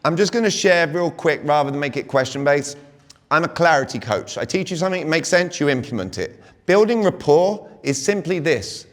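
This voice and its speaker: A British man coaching a live audience, talking energetically and quizzing the room with rhetorical questions. His voice sits a little high for a man. A long hall reverb trails behind his words. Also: animated, a little fast. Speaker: communication coach speaking to a sales audience. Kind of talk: live seminar talk.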